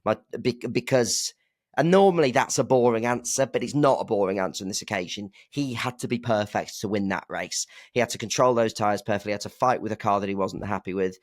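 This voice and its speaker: A man's voice: lowish voice, brisk, no echo, studio quality. A man co-hosting a podcast, chatting casually and speculating, often restarting his sentences. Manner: chatty, self-interrupting, speculative. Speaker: podcast co-host. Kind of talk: casual chat.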